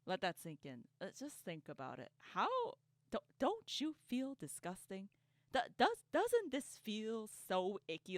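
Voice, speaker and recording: A woman talks through a casual reaction commentary with sarcasm and frequent laughter. Her pitch swings widely as she rants, often tripping over repeated words. The sound is dry and close, with no room echo. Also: big pitch swings, unhurried. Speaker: online commentator.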